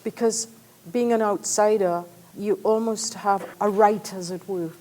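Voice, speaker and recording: A woman's voice: mid-range voice, steady tone, a little slow, mellow. A woman author speaking on a panel in a thoughtful, articulate way. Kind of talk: panel discussion.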